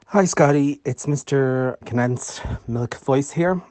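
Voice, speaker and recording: A man's voice: medium pitch, takes it slowly, very noisy. An Irish man leaving a chatty, sweary voice message in mock outrage. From Ireland.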